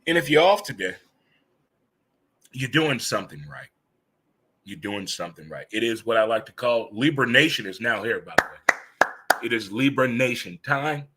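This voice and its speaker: A man's voice: mid-range voice, lively intonation, normal speed, long pauses, pushed and bright, slight background noise. A man in his fifties hosting a casual live chat show, joking and laughing easily as he talks. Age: 50s. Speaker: host.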